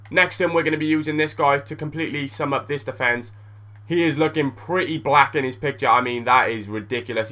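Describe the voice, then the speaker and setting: A young man giving casual gameplay commentary as a gaming YouTuber, blunt and excitable, swearing freely. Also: mid-range voice.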